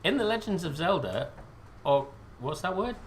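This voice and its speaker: A man's voice: high voice, big pitch swings, moderate pace, a little hiss or hum. A British man hosting a casual live quiz stream, rambling and joking at his own expense. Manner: rambling, self-deprecating, joking. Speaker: quiz host.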